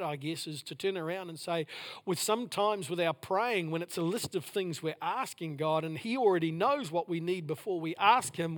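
High-voiced preaching man, emphatic. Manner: swings from loud emphatic declarations to hushed, near-whispered lines; repetitive, building phrases. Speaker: pastor. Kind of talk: sermon.

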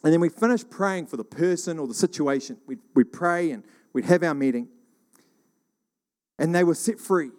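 A middle-aged man from New Zealand telling rambling church stories in a casual, animated monologue. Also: fairly high pitch, moderate pace, pauses often. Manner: rambling, animated, acts out quoted voices.

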